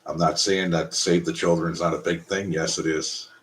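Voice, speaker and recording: A man's voice: sits low, fairly even intonation, moderate pace. A Canadian man hosting a casual live stream, talking bluntly and profanely in a rambling way.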